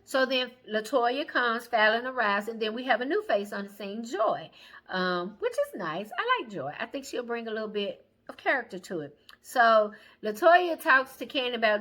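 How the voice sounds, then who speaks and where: A woman's voice: fairly high pitch, sing-song, normal speed, a bit bright. A woman casually recapping a reality show episode, chatty and opinionated with plenty of sass. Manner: sassy, chatty, opinionated, mimics people she talks about.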